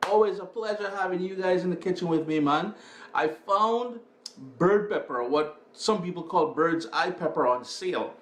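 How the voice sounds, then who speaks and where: A man's voice: high voice, lively intonation, moderate pace. Chatty man demonstrating a recipe. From Caribbean. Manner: upbeat, chatty, calls viewers "man". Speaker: cooking show host. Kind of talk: home cooking demonstration. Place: home kitchen and living room.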